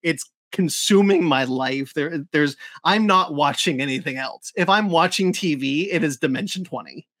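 A man's voice: fairly high pitch, normal speed, few pauses, a bit bright, no room sound, studio quality. A man co-hosting a podcast, chatting casually and enthusiastically with lots of fillers and restarts. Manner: enthusiastic, rambling with many fillers. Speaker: podcast co-host. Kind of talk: casual chat.

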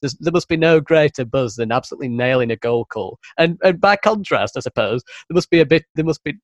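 A man's voice: fairly high pitch, animated, fast talker, dry recording. A man with a northern English accent, hosting a casual chat and often murmuring short agreements.

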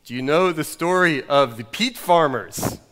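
A man voicing a stern old male Scottish pastor with a put-on Scottish accent, solemn and gently scolding. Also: fairly high pitch, expressive, measured pace, in a large hall, faint music behind.

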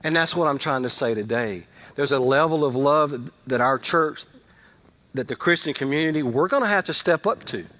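A middle-aged male pastor giving a conversational sermon, rising to loud emphasis and dropping to quiet asides. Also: on the high side, animated, moderate pace.

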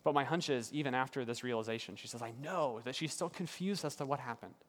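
An earnest male pastor delivers a sermon, building his points through repetition. He often softens for emphasis, his mid-pitched voice trailing into the long reverb of a large hall. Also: fast.

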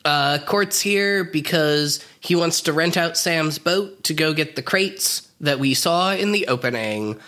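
A young man with a bright, slightly high voice recaps a story on a casual podcast. He drops in wry asides as he goes. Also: unhurried, hardly any pauses. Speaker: podcast co-host. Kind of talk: casual comedic podcast chat.

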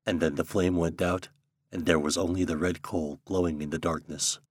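A man hosting and narrating an audio magazine of fiction in a measured, deliberate reading. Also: low-pitched, steady tone, slightly rough, no echo, clean studio sound. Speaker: host and narrator.

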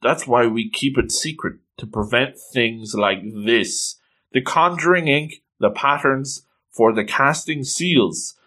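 Guy reading as a serious calm witch dude, slow and grave, bright tone. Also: mid-range voice. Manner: grave, measured.

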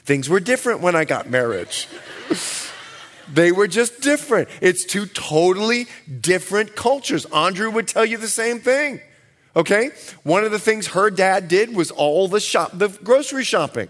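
A man preaching with a high voice that leaps up and down. He is a middle-aged pastor who tells jokey stories from home life and acts out the lines of each person in them. His delivery is animated and playful. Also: moderate pace. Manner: humorous storytelling, acting out quoted dialogue. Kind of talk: sermon.

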